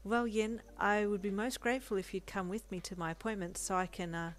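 A woman voicing a cheerful, bashful young male hero who talks softly and eagerly, in a storybook reading. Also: mid-range voice, steady tone, a little fast, lightly acted. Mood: delighted. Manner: soft, eager and sweet.

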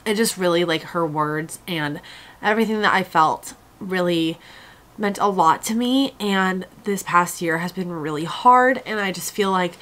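A woman's voice: fairly low pitch, a little slow, fairly bright tone. A young woman chatting in a casual vlog, gushing and emotional, close to tears. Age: young adult. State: tearful. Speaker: vlogger.

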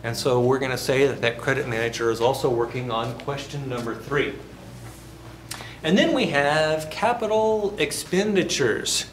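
A man teaching a class, throwing questions to the room and slipping in jokes as he explains. His voice sits at an ordinary middle pitch and echoes around the classroom, with faint noise underneath. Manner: asks the class questions and jokes between points. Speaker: university instructor. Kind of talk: classroom lecture.

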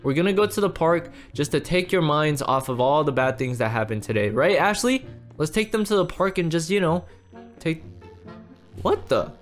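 A man's voice: a little high, expressive, moderate pace, faint music behind. A man hosting an improvised game roleplay, playing a fussy father who repeats himself and fusses over his kids. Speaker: roleplay host and lead character.

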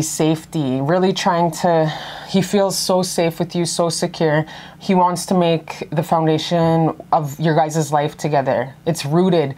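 Low-voiced, profane, gushing woman tarot reader. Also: a little mellow. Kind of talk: casual tarot reading to camera.

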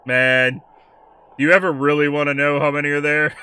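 A man's voice: a little high, flat delivery, fairly quick, pushed and bright, clear, resonant tone. A man hosting a reaction video, commenting casually and jumping at scary moments. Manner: jumpy, exclaims and laughs, talks to the viewer casually.

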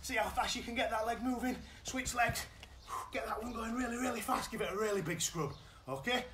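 A man with a British accent coaching children's football in a live online session, giving energetic, encouraging instructions. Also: very high voice, a little fast, echoey room, noisy background. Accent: British English. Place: indoors at home.

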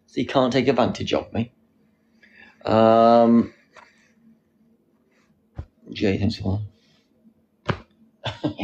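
A man's voice: mid-range voice, fairly even intonation, very slow, creaky, long pauses, darkish tone, dull audio, slight background noise. A man chatting casually on a live stream, reading out viewers' comments and answering them. He sits outdoors on a wall and talks into a phone.

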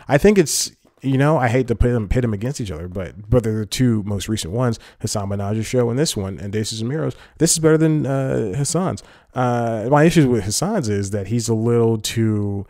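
Male podcast host, lowish voice, chatty and self-interrupting, dry room. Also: mellow, no echo. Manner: rambling, self-interrupting, laughs often. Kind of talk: casual solo comedy chat. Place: home room, talking to a camera.

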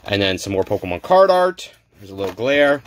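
A man's voice: on the low side, sing-song, brisk, a little hiss or hum. A man hosting a card-opening video, chatting casually and stumbling over names as he goes. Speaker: card-opening channel host. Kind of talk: casual unboxing chat.

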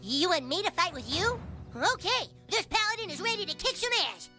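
A man's voice: very high voice, brisk, soft background music, full character voice. An actor playing an eager young boy who plays a paladin in a video game. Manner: cocky, excited.

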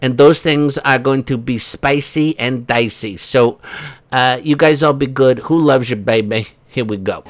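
A man's voice: medium pitch, a little slow. A man hosting a casual commentary video, rambling and sarcastic, with many fillers. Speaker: host.

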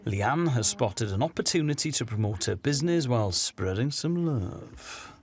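A woman giving scripted documentary narration in a lively, lightly wry way. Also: a bass voice, moderate pace.

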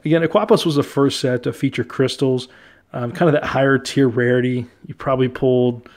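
A young man casually talking through his trading card collection, relaxed and chatty, often laughing and using fillers. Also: mid-range voice, brisk. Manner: relaxed, chatty, easily amused, many fillers.

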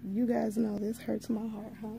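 A woman's voice: a little high, level tone, creaky, background noise. A woman hosting a casual live unboxing, chatting to viewers and greeting them by name. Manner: slow, drawn-out delivery with frequent asides. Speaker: livestream host.

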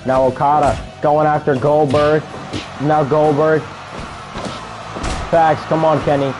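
Young male gamer, slightly high voice, excitable play-by-play over faint game music. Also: takes it slowly. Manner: excitable play-by-play, shouts at big moments, mutters asides. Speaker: gaming video creator. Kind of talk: casual gameplay commentary.

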